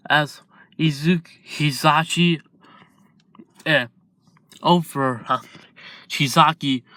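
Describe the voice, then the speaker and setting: A man narrating an improvised fan story, halting and restarting often as he goes. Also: medium pitch, bright, forceful tone.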